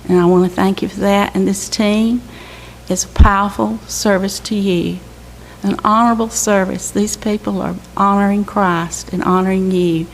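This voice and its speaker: Speaking at a moderate pace with a mid-range voice and fairly even intonation, an older woman from a mission team gives her church an earnest, exhorting testimony about the trip. The sanctuary recording is echoey with faint hiss.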